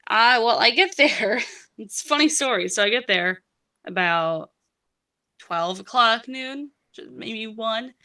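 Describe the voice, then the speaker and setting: A woman's voice: fairly high pitch, expressive, measured pace, pushed and bright, recorded from a distance. A woman being interviewed, recounting events in a rambling casual way with frequent restarts and swearing.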